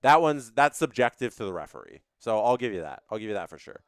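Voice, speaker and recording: A man's voice: on the low side, big pitch swings, quick pace, clean tone, no echo, studio quality. A man hosting a live stream, reading viewer chats and ranting opinionatedly, often repeating his phrases.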